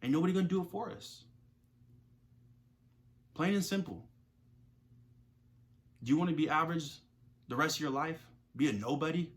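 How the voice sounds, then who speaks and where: A man's voice: on the high side, moderate pace, long pauses. A young man speaking to camera as a self-improvement creator, giving a casual motivational talk full of slang and repeated phrases.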